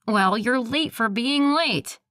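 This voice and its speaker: A woman voicing a snide, nagging male coworker with a nasal voice and a condescending, drawn-out way of taunting. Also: on the high side, animated, a bit bright, no room sound, pitched above the performer's own voice.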